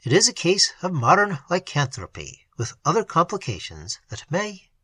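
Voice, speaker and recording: A narrator voicing a calm, authoritative male doctor who speaks quietly and with measured decision, in a classic storybook reading. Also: mid-range voice, husky, no echo, full character voice.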